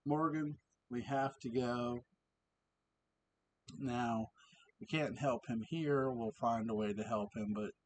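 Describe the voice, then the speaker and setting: Male reader doing a frightened young mother, slow delivery, mid-pitched. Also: slight background noise, natural voice. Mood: urgent. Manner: unhurried, plain reading voice. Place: home with cats around.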